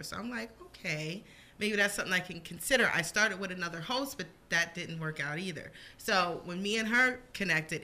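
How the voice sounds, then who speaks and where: A woman's voice: fairly low pitch, pushed and bright. A woman who hosts her own radio show, chatting as a podcast guest in a loose, rambling way with lots of fillers. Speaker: radio show host and creator. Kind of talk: casual podcast guest chat.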